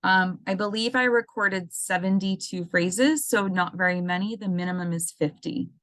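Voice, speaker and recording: Through a computer mic on a video call, a woman with a lowish, slightly bright voice gives a casual educational webinar at normal speed. As an assistive technology coordinator presenting a seminar, she explains things step by step, often restarting and saying um. There is no room sound.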